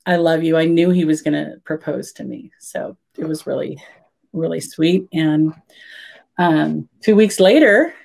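A woman's voice: low voice, unhurried, vocal fry, darkish tone. An older woman, a podcast guest, telling a story animatedly and acting out her own past words. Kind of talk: casual storytelling in an interview.

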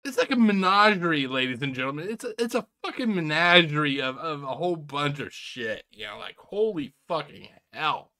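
A man hosting a reaction video, laughing often, swearing and mocking what he watches while addressing viewers as ladies and gentlemen. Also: a little high, expressive, normal speed, hardly any pauses. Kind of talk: casual reaction commentary.

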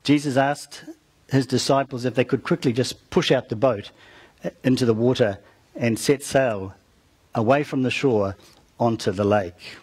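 A man preaching, retelling a Bible story with dramatic rises and soft, trailing ends, turning to the listeners with asides. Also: medium pitch, a little slow, slightly rough. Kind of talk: storytelling sermon.

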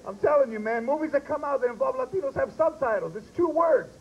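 A man doing a live stand-up comedy set, punchy and quick, slipping into voiced characters. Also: extremely high pitch, lively intonation. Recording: dull lo-fi live recording with faint hiss.

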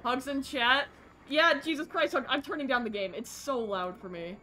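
A woman's voice: high voice, moderate pace, sharp tone, soft background music. A young woman streaming a horror game live, jittery and self-deprecating, chatting with her viewers. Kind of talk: casual live gameplay commentary.

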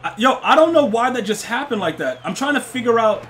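A young guy livestreams a football video game, chatting with viewers in an excitable, slang-heavy way and often repeating himself. His voice is very high-pitched and he talks a little fast.

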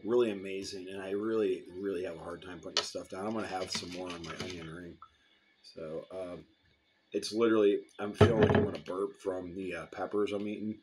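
A man's voice: deep voice, fairly quick, heavy background noise. A man casually reviewing hot sauce, rambling between bites and sips. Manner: relaxed, rambling, eating and sipping while talking.

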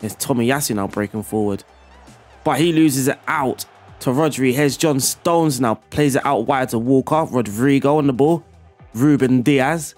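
A man's voice: medium pitch, normal speed, soft background music. Chatty man explaining game tactics. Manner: chatty, excitable, laughs at himself. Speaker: gaming YouTuber. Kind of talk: video game tactics walkthrough and commentary.

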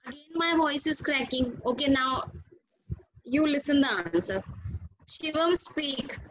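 Indian woman teacher, high voice, slow and patient, online class over a call. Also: fairly bright tone, poor audio. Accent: Indian English. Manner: patient, repeats names and questions, praises students. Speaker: school teacher. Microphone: video call.

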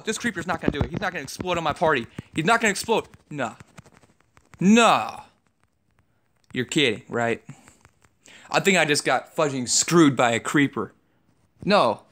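A young man giving excitable commentary over a game he is playing, trash-talking opponents. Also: fairly high pitch, normal speed. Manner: excitable, yelps and trash-talks. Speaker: gaming YouTuber.

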